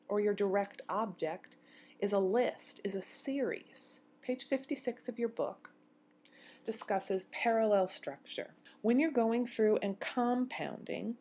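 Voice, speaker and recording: Woman, grammar lecturer, measured delivery, faint background hiss. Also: mid-range voice, warm tone. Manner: clear, measured explanation, slowing to read quotes. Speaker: university English lecturer.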